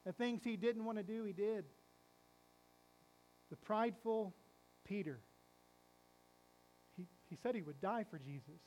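High-voiced pastor preaching dramatically. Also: male voice, a little slow, long pauses, a little hiss or hum, poor audio. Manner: dramatic storytelling, asks the congregation questions, swings from loud to hushed. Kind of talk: sermon.

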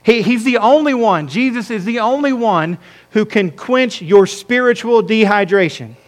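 A man's voice: sits high, expressive. A man. He speaks emphatically and stretches out important phrases for weight. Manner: emphatic, slows down to stress key words. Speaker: pastor. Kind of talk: sermon. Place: church sanctuary.

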